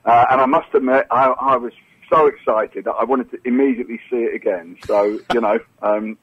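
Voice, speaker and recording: A man's voice: mid-range voice, fairly even intonation, brisk, slightly rough. A man, an enthusiastic comics artist guest, talking in a phone interview and often repeating words as he gets going. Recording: tinny phone line.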